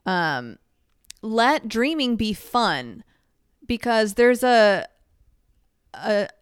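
A woman's voice: a little high, big pitch swings, drawn-out words, smooth, no echo, studio quality. A woman giving casual advice to the camera, chatty and self-mocking, full of "like" and little laughs.

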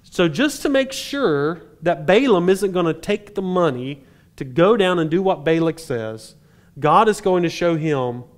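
A man preaching a sermon, retelling a scripture story in a conversational way with dry humor and quick asides. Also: a little high, expressive.

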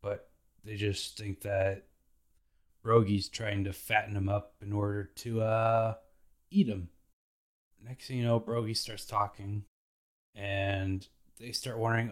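A man's voice: fairly low pitch, flat delivery, takes it slowly, pauses often. A man hosting a podcast, recapping anime episodes in a laid-back, slangy way.

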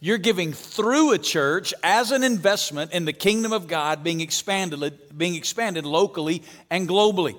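High-voiced Southern preacher in a reverberant hall. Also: male voice, moderate pace, hardly any pauses. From Alabama. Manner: energetic, calls for amens and audience response. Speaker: guest pastor. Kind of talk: sermon. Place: church auditorium stage.

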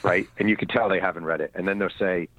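A man's voice: low voice, quick pace, dry recording. A man, an author guest on a podcast, chatting and then reading his own book aloud, acting out the voices in his story. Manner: animated storyteller, acts out quoted voices. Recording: tinny phone-line audio.

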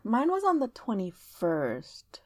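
A woman's voice: a little high, huge pitch swings, slow pace, no room sound. A woman co-hosting a podcast, chatting casually and making dry, teasing remarks. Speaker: podcast co-host. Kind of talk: casual chat.

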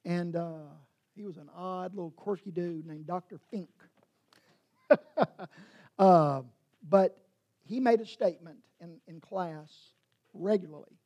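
A man's voice: sits high, slow, pauses often, mellow. A man, a pastor preaching a sermon in a rambling, self-correcting way and teasing his congregation.

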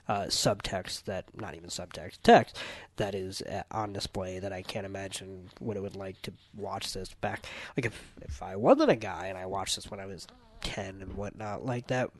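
A man's voice: lowish voice, no echo. A man co-hosting a casual movie podcast, rambling and correcting himself as he talks. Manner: rambling, self-correcting, playful. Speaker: podcast co-host.

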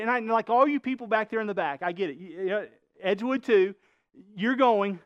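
A man's voice: high voice, brisk, fairly bright tone, no echo, dull audio. A male pastor preaching a sermon, emphatic, quizzing the congregation with rhetorical questions.

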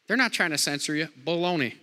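This preacher's voice is a little high, expressive, quick, pushed, and bright. Delivering a sermon in a reverberant hall, he jokes with the congregation, repeats lines, and trades frequent amens in call-and-response fashion.

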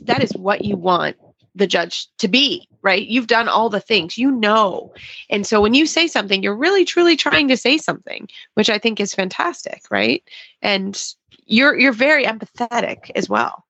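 Bright, upbeat woman co-host. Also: medium pitch, creaky, breathy edge, no room sound, lo-fi sound. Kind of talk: casual radio show chat.

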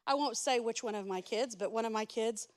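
A woman pastor preaching a sermon, swinging between loud urgent passages and soft hushed speech, with direct asides to the congregation. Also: a little high, fairly quick.

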